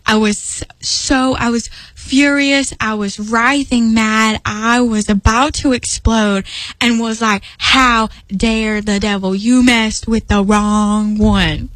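A woman's voice: fairly high pitch, fairly bright tone, dry recording, low-quality recording. A young woman speaking earnestly about faith in a personal devotional talk, emphatic and rambling with restarts. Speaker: Christian speaker.

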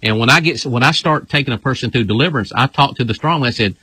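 A man's voice: medium pitch, fast, few pauses, bright, forceful tone, breathy edge, no echo, poor audio. A man, a pastor, teaching in a casual, emphatic way and often repeating his phrases.

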